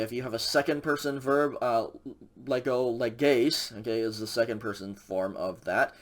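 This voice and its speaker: A man teaching a recorded Greek grammar lecture in a casual way, with many fillers and frequent checks with the class. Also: medium pitch. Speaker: Greek instructor.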